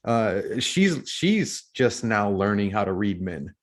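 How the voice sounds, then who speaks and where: A man's voice: on the low side, sing-song, takes it slowly. A man co-hosting a casual book discussion podcast, reflective, asking questions and adding his own commentary. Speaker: podcast co-host.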